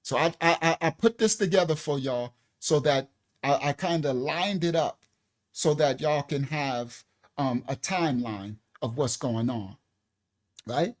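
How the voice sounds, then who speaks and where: A man's voice: fairly high pitch, a little slow. A man hosting a ministry show, giving casual preaching-style commentary in loose street talk, emphatic and full of check-ins with his listeners. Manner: emphatic, repeats himself, keeps checking in with listeners. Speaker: ministry host.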